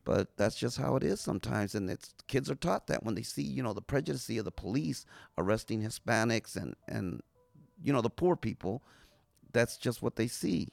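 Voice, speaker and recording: A man's voice: medium pitch, lively intonation, moderate pace, gravelly, a little mellow, no room sound. A man from Venice, Los Angeles, telling a story as a guest on a casual podcast, laid-back and swearing easily.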